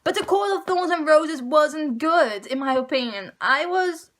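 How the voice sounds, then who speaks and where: A woman's voice: sits high, expressive, unhurried, a bit bright. A young woman giving a casual, exasperated book review rant as a vlogger, with dramatic sighs and groans.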